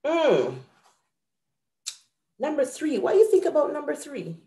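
A woman's voice: sits high, big pitch swings, a little slow, mellow, echoey room. A woman hosting an online grammar lesson, patiently explaining each example step by step. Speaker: host and teacher.

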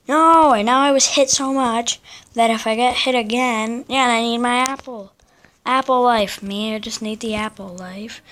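A woman giving casual live commentary on her own gameplay, chatting in slang and breaking into excited yelps and repeated protests. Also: a little high, moderate pace.

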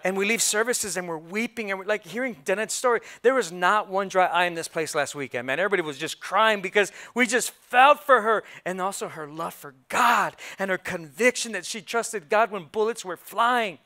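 A man preaching a sermon in a church, playful and animated, acting out how churchgoers react. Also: high-pitched, normal speed, few pauses. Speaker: pastor. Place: church sanctuary.

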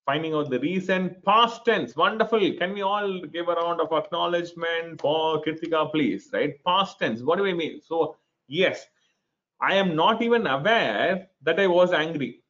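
A man's voice: fairly high pitch, expressive, moderate pace, a bit bright, dull audio. A middle-aged man with an Indian English accent, leading an interactive online workshop, asking questions and repeating key phrases. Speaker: webinar speaker and trainer.

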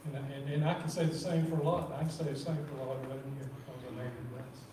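A man's voice: mid-range voice, flat delivery. Preacher man in a roomy church. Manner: reads scripture slowly, repeats words. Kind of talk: sermon. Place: church sanctuary. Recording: roomy echo from far off, faint noise.

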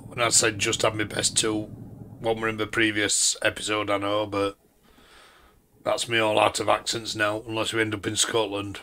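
A man's voice: on the low side, completely flat delivery, moderate pace, pushed and bright, a little hiss or hum. A man with a Yorkshire accent giving casual, rambling commentary while playing a driving game. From Yorkshire, England. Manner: rambling, chatty storyteller. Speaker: gaming channel host.

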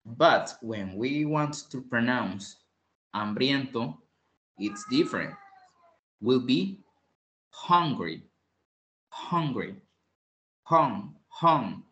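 Slow, patient teacher, roomy sound. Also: male voice, mid-range voice, lively intonation, fairly bright tone, slight background noise. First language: Spanish. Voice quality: clears throat often. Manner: patient, repeats phrases, switches between English and Spanish. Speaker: English teacher. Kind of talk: online English lesson. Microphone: online class call. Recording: roomy echo.

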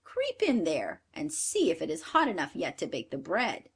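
A woman's voice: deep voice, huge pitch swings, moderate pace, slightly rough, pitched below the performer's own voice, exaggerated voice. A cruel old witch from a storybook tale, voiced by a woman reader. She sneers and scolds harshly, barking her orders at the children. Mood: harsh scolding. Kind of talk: storybook reading.

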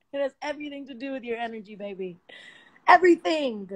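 A woman's voice: high-pitched, lively intonation, fairly quick. A young woman in her twenties chats on a late-night livestream, speaking into her phone. She sounds slangy and playful and laughs easily as she riffs with her viewers. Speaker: livestream host. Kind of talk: casual livestream chat. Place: home at night.

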